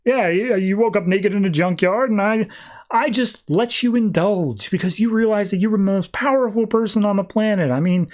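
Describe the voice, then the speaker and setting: A man voicing a sly, manipulative female cat burglar in a comic recap, with a shrill, pushy delivery. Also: normal speed, a little mellow, lightly acted. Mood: coaxing.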